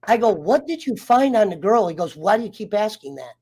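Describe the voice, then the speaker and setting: A man's voice: sits high, very animated, a little fast, darkish tone, breathy edge. A man telling a personal story in casual chat, heated and profane, getting fired up as he talks. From United States. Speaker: round table guest.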